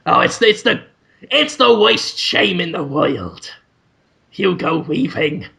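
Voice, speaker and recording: Man doing a shamed worker, melodramatic, high, slow, wailing. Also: sing-song, creaky, sharp tone, exaggerated voice. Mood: pleading. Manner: over-the-top wailing, shrill and drawn out. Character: melodramatic ashamed male office worker, wailing.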